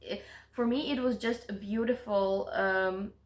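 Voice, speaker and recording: Calm woman talking about a book she loved, echoey room. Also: medium pitch, measured pace. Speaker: booktuber co-host. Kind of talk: casual book chat.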